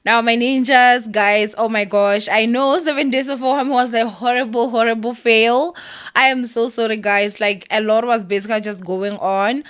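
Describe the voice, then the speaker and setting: A woman's voice: a little high, fairly even intonation, normal speed, a bit bright, smooth. A young woman talking candidly to her viewers, heartfelt and close to tears, with many ums and likes. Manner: emotional, heartfelt, near tears, with many fillers. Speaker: vlogger. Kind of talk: candid vlog talk to camera.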